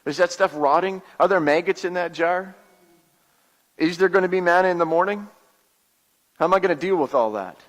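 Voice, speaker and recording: A plainspoken Israelite father, played by a male pastor, confiding his doubts in a high, light voice. His words ring out with a long reverb, as from a church hall. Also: natural voice. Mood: reflective. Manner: storytelling, confiding, halting repeats. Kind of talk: first-person dramatic monologue.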